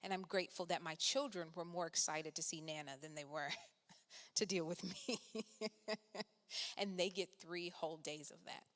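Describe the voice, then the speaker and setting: A woman minister giving a gentle devotional talk and closing prayer, soft-spoken and unhurried. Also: fairly low pitch, fairly even intonation. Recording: long hall reverb.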